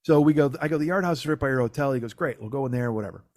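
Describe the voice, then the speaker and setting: Fast-talking profane male comedian. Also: mid-range voice, no echo, studio quality. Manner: profane, animated, acts out quoted dialogue. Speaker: comedy podcast host. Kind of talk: casual storytelling chat.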